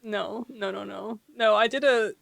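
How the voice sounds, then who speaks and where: A woman chatting casually as a guest, with quick reactions and laughing asides. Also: medium pitch, creaky, dry recording. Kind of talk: casual conversation.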